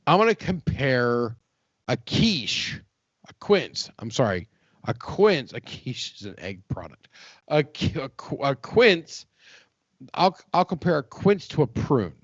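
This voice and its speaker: A man's voice: mid-range voice, big pitch swings, takes it slowly, no echo, dull audio. A man co-hosting a podcast in casual chat, rambling, joking and swearing freely. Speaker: podcast co-host.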